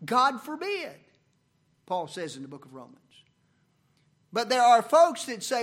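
Male preacher, high-pitched, dynamic delivery with big loud-to-soft swings. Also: animated, unhurried. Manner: preaching with sharp swings from loud emphasis to near-murmurs. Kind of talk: sermon. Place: church.

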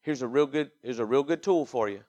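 A man with a Mississippi drawl preaches from the pulpit. His voice sits at an ordinary middle pitch, and he moves between hushed asides and forceful, rising exhortation. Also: a little fast. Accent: Southern US, Mississippi. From Mississippi, USA. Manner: emphatic preaching, swinging from quiet asides to loud exhortation. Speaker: pastor. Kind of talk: sermon.

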